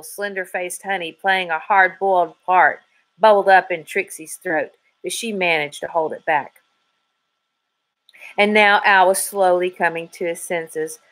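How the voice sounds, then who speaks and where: A woman reading a children's mystery novel aloud in an even, measured way. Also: fairly low pitch, poor audio. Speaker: audiobook reader. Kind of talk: storybook narration.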